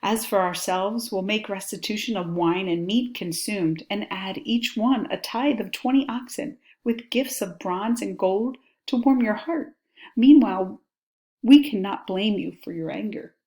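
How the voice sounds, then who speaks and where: A woman's voice: mid-range voice, measured pace, darkish tone, voice pushed up, lightly acted. Woman doing a scheming desperate nobleman. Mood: pleading. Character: scheming pleading nobleman, young man, desperate.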